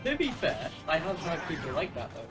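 A man's voice: fairly high pitch, huge pitch swings, brisk. A young man gaming with a friend, answering in short laid-back replies and dry teasing. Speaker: gamer. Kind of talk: casual gaming chat with a friend. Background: game music.

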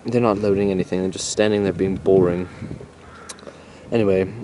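Low-voiced man doing a mock nature documentary. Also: fairly even intonation, normal speed, warm tone. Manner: mock-serious, crude and rambling. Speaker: narrator and camera operator. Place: outdoors in a neighborhood. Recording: outdoor camcorder audio with clear background noise.

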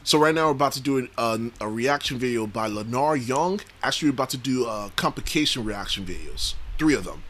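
Bright-voiced male reaction host. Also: mid-range voice, expressive, fairly quick, few pauses, slight background noise. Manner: chatty, laughs often, self-correcting. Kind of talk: casual reaction commentary.

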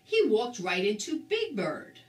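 Slow, expressive grandma reading aloud. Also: female voice, a little high. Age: older. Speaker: storybook reader. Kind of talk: reading a children's book aloud. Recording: roomy, distant mic.

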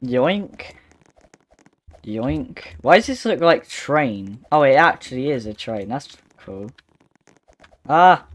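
Commentating on gameplay live at an unhurried pace, this male host has a medium-pitched voice. His remarks are mostly calm, punctuated by abrupt excited yelps and exclamations.

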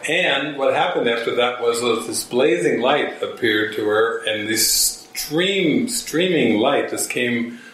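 A man's voice: medium pitch, animated, slow pace, fairly bright tone, a little hiss or hum. A man, a spiritual teacher, telling a story to a gathering and acting out quotes in shifting voices. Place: church hall. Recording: very echoey room, mic far off.

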